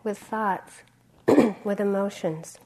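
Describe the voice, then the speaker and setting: A woman meditation teacher speaks in an easygoing, conversational way during a dharma talk. She pauses with fillers and clears her throat often. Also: mid-range voice, mellow.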